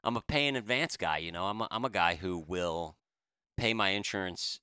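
A man co-hosting a podcast, telling a story in a casual, animated and self-deprecating way. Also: low-pitched, moderate pace, smooth, no echo, clean studio sound. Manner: animated, self-deprecating, quotes others in raised voice. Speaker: podcast co-host.

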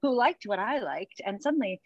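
A woman's voice: mid-range voice, expressive, moderate pace, no room sound, lo-fi sound. Chatty New woman coach telling stories. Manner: chatty storyteller, laughs often, acts out quotes. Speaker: running coach and podcast host. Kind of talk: casual chat.

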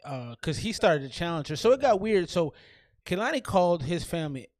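A man's voice: high voice, big pitch swings, brisk, no echo, clean studio sound. A young man co-hosting a casual podcast chat, opinionated and emphatic, often stammering and restarting. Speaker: podcast co-host. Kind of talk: casual chat recapping a reality show.

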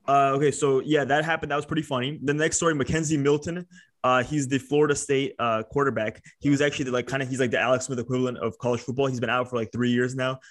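A man on a casual sports podcast talks fast over a video call, piling on fillers and restarts. He rambles loosely and swears offhandedly, at a middle pitch. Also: flat delivery. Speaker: podcast co-host.

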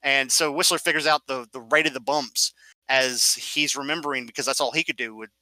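A man's voice: medium pitch, fairly quick, no echo, low-quality recording. A man in casual conversation, animatedly retelling film scenes and explaining details. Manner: animated storyteller, acts out scenes. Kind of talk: casual movie discussion.

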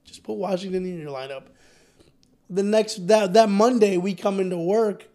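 A man co-hosting a podcast, telling stories in a casual, excitable sports chat. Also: high-pitched, moderate pace. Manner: excitable, storytelling. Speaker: podcast co-host.

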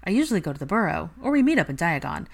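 A woman's voice: on the low side, big pitch swings, rapid-fire. A woman voicing an awkward, easily flustered young man who grumbles a little. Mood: casual. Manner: gruff, grumbling.

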